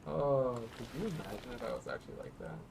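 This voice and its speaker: A man's voice: mid-range voice, huge pitch swings, fast, gravelly, noisy background. A man hosting a let's play with casual gameplay commentary, rambling and joking at his own expense. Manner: joking, rambling and self-mocking.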